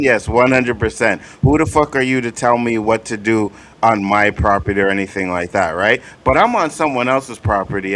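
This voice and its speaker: A man's voice: mid-range voice, fairly bright tone. Profane, emphatic man hosting a chat. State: coughing. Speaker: show host. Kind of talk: casual livestream chat.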